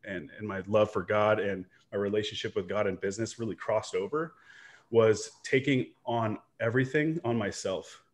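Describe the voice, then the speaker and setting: A man with a slightly low voice shares a personal story on a video call, earnest and reflective. He rambles a little, restarting sentences and tagging thoughts with "right?". He has the easy, candid tone of a business coach being interviewed. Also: normal speed. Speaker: online business owner and coach.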